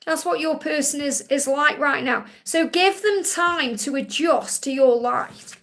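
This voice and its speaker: A woman's voice: high voice, measured pace, sharp tone. A woman hosting a live Q&A, giving spiritual readings in a soothing, reassuring way. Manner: soothing, reassuring, repeats phrases. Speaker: psychic reader hosting a live Q&A.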